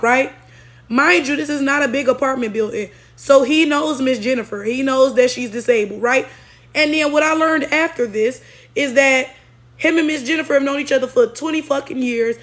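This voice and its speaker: A woman's voice: sits high, brisk, a bit bright. A woman telling a story in a casual rant, blunt and heavily profane, often checking in with tag questions. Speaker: storytelling vlogger.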